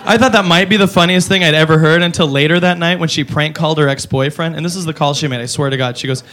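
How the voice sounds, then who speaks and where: A man doing a stand-up comedy routine on a club stage, animated and slipping into silly voices. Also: fairly high pitch, quick pace, few pauses. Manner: animated, jumps into silly voices for his bits. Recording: noisy live club recording with crowd.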